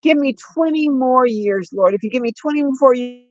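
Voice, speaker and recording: Reading out viewer comments on her relaxed livestream, an older woman talks in a high voice, chatty and wandering, with frequent restarts and slow, drawn-out words. The phone recording sounds dull.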